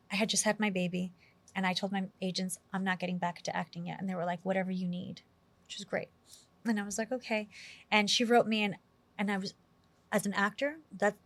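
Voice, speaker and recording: A woman from New York City, an actress being interviewed, telling animated stories in a chatty way with lots of acted-out quotes. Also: mid-range voice, dry recording. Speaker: actress guest. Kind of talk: casual interview storytelling.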